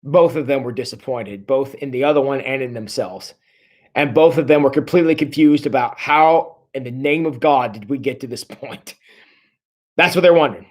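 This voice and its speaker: A man leading a church book discussion, earnest and halting, with many restarts and fillers. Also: medium pitch.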